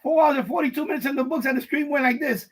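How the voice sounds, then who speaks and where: A man's voice: very high voice, quick pace, poor audio. A man hosting a live stream from his basement, ranting casually with profanity and lots of repetition, riffing in mock voices. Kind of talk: rambling casual rant. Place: basement room.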